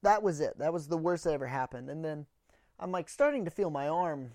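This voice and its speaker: A podcast host delivers a solo comedic monologue, his fairly high, darkish voice animated and brisk. Close to the mic in a dry, echo-free space, he rambles through a story bluntly and sarcastically, sounding a little out of breath.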